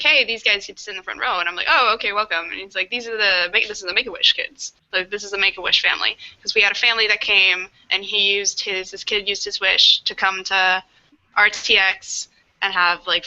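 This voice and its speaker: A woman's voice: mid-range voice, steady tone, brisk, bright, forceful tone, muffled recording. A woman telling a story in a casual podcast chat, full of "like" and quoted speech. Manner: chatty storyteller, many "like"s, quotes others. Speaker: volunteer guardian recounting a story.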